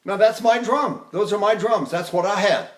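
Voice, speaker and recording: With a voice that sits high and lively intonation at normal speed, an older man teaches singing. His recorded lesson wanders conversationally, broken now and then by brief operatic phrases he sings to demonstrate.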